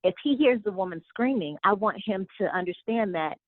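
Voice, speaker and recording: A woman in her forties calling in to a chat show, speaking earnestly and thoughtfully, with frequent pauses. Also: mid-range voice, animated, no room sound. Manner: earnest, thoughtful, hesitant with fillers. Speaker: guest calling in. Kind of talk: casual chat. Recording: phone line.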